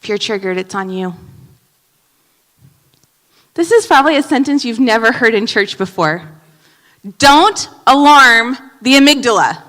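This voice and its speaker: High bright woman preaching in a hall. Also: moderate pace, long pauses. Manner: animated preaching, swings between loud emphasis and hushed asides. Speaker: pastor. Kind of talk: sermon. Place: church sanctuary.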